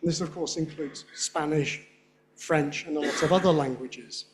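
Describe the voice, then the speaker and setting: A man giving a conference lecture on speech. He talks in a chatty way, checks in with "yeah?" and says his examples slowly and clearly. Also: fairly high pitch, background noise. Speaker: guest lecturer on English phonetics. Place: lecture hall with an audience.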